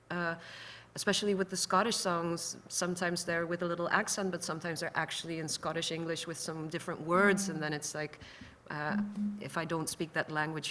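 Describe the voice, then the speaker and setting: A woman's voice: lowish voice, pushed and bright, slight background noise. A woman from the Netherlands with a Dutch accent, speaking on a panel as a musician in a thoughtful, candid, somewhat hesitant way. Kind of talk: panel discussion.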